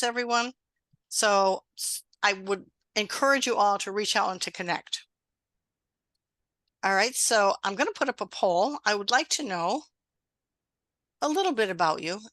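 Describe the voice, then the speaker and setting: This middle-aged woman hosts an online exam-prep session with a bright, ringing voice. She sounds close and dry on a video call, chatting and encouraging her listeners. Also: mid-range voice, no echo. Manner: warm, encouraging, conversational. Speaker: webinar host and exam prep instructor. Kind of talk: live online webinar.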